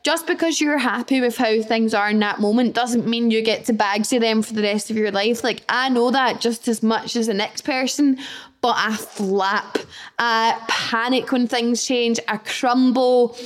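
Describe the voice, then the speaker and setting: A Scottish woman talks alone on her podcast in a fairly high voice. She is frank and self-mocking, acts out her own anxious thoughts, swears casually and fills her sentences with "like". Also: steady tone, unhurried. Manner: swears casually, says "like" often. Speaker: podcast host. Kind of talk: solo casual chat.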